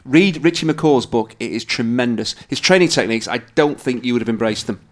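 Man, mid-pitched voice, enthusiastic, ribbing, casual podcast chat. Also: fairly quick. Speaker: podcast regular. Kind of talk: casual chat among friends.

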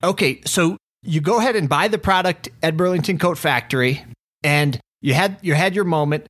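A man's voice: on the high side, moderate pace, fairly bright tone. A man hosting a podcast interview, probing his guest with follow-up questions. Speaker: podcast host. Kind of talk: conversational interview.

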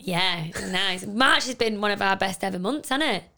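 A woman's voice: medium pitch, animated, normal speed, pushed and bright. A woman, co-hosting a casual podcast and giggling often. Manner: giggly, chatty. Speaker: podcast co-host. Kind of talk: casual chat.

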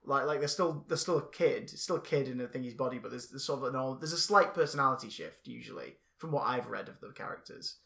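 Bright-voiced man chatting about comics. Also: mid-range voice, quick pace, vocal fry, hardly any pauses. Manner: rambling, animated, trails off and restarts. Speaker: podcast co-host. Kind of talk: casual comics chat.

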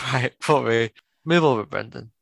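A man's voice: medium pitch, a little slow, creaky, no echo. A young man co-hosting a podcast, bantering casually with lots of swearing and jokes. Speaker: podcast co-host. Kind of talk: casual chat.

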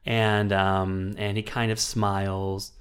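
Taking his time, a man whose voice sits on the low side speaks in a level, clear and resonant tone while co-hosting a podcast. He casually retells a film's story in a rambling way, full of ums and side comments.

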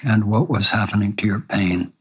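Low husky interviewer asking gentle questions. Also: normal speed.

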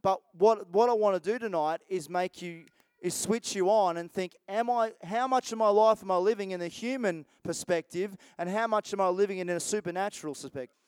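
Male pastor, loose conversational sermon delivery; clean, crisp voice. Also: high voice, brisk, darkish tone, dry recording. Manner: conversational, rambling with restarts and asides.

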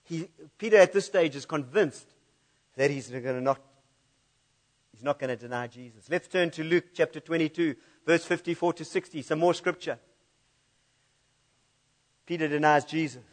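A man's voice: a little high, normal speed, long pauses. A man preaching a sermon in a church, reading scripture aloud and laughing at his own slip-ups.

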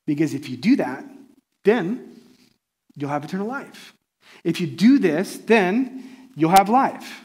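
A man preaching a sermon in a conversational, animated way, often checking in with listeners. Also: high voice, slow, long pauses. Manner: conversational, animated, often asks the audience "right?". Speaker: pastor.

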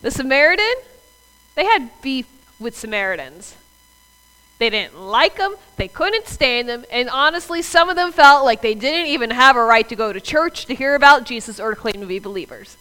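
A woman's voice: sits high, animated, moderate pace, bright, forceful tone, low-quality recording. A woman preacher, preaching a sermon in a conversational way and talking straight to the congregation. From US South. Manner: conversational, addresses the congregation directly.

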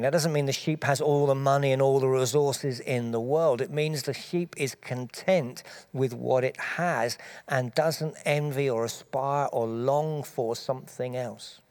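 A man preaching, giving a measured, explanatory Bible teaching talk with small restarts as he thinks aloud. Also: medium pitch, darkish tone.

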